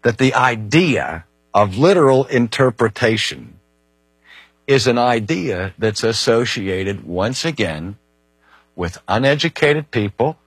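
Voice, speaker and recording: A man teaching a course on Scripture in a husky voice that carries a mischievous edge. He builds his points through pointed rhetorical questions and heavy emphasis. The recording sounds dry and close. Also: medium pitch, expressive, slow, dry recording. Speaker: Bible teacher.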